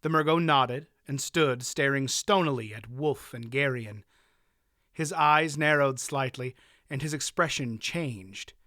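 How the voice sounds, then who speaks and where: Male audiobook narrator; measured pace, bright tone, dry studio sound. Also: mid-range voice, no echo. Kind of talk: scripted narration.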